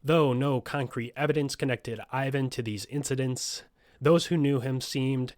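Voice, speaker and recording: A man's voice: mid-range voice, fairly even intonation, moderate pace, darkish tone, dry recording, clean studio sound. Swearing male true-crime podcast host. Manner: profane, joking asides between scripted passages. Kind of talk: true crime narration with casual asides.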